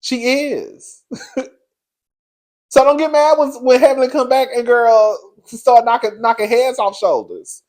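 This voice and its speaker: Guy doing sassy reality tv recap, swoops way up in pitch, cusses, laughs a lot. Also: measured pace, a little mellow. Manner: frank and profane, laughs often. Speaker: reality TV reviewer. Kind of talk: casual commentary.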